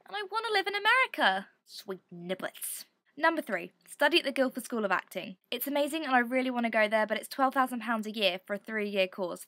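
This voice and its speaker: A woman's voice: on the high side, a bit bright, no room sound, studio quality. A young woman, chatting to camera in a rambling, self-deprecating way. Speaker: vlogger. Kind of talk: casual chat to camera.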